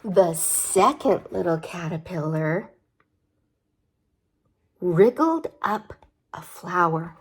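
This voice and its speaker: A woman's voice: on the low side, lively intonation, slow, pauses often, breathy edge. A young woman reading a picture book aloud to children, chatty, with playful asides and questions. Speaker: storybook reader.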